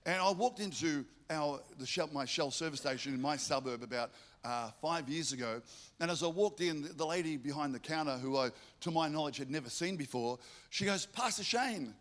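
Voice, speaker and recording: A male pastor preaching a sermon, stacking up rhetorical questions and telling lively stories. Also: a little high, fairly quick.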